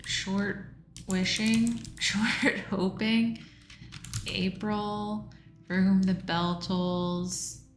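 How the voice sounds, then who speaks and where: A woman's voice: mid-range voice, little pitch movement, extremely slow, faint music behind. A woman livestreaming a crossword solve, reading clues aloud and musing over answers in casual think-aloud talk. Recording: roomy echo.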